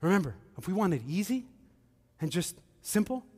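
A man preaching a sermon as pastor, animated, with joking asides and acted-out quotes. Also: sits high, normal speed, in a large hall.

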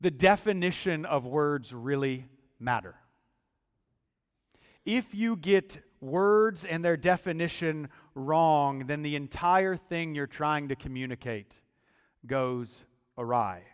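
A man preaching a sermon in a deliberate, emphatic style, often repeating words as he builds his point. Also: on the high side, lively intonation, smooth. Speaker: pastor. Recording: long hall reverb.

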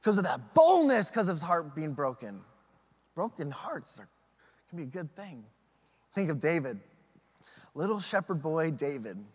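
A man preaching a sermon as a pastor, telling stories with animated acted-out voices. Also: a little high, a little slow, pauses often, husky, long reverb tail. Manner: animated storytelling with acted quotes.

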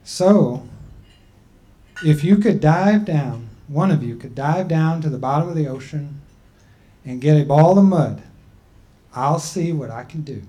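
A man voicing a patient creator spirit who gently sets a challenge. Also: fairly high pitch, animated, a little slow, long pauses.

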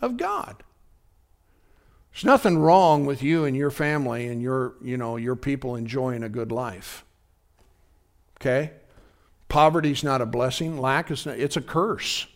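A man's voice: mid-range voice, normal speed. A man pastor giving a conversational sermon, often checking in with his congregation. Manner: conversational preaching, often asking the congregation if they follow.

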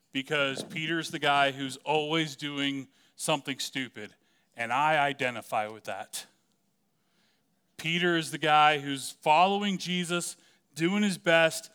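Smooth-voiced joking young-sounding preacher man. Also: medium pitch, pushed and bright. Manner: casual and joking, many "like" fillers. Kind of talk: conversational sermon.

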